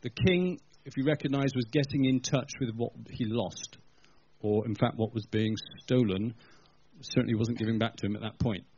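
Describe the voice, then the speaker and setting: A man's voice: mid-range voice, normal speed, a little mellow, slight background noise. A man preaching a sermon at a church gathering, telling the story in a conversational way and speaking directly to the congregation. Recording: dull lo-fi recording.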